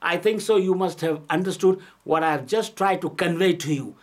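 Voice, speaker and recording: A man's voice: high-pitched, moderate pace. A man delivering an aggressive, scolding political rant, repeating his points. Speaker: political commentator.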